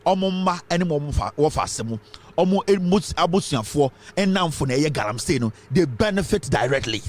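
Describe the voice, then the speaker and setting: Fiery Ghanaian man with a higher voice. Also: expressive, brisk. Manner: fiery, rhetorical questions, mixes English and Twi. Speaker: political commentator. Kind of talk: impassioned political commentary.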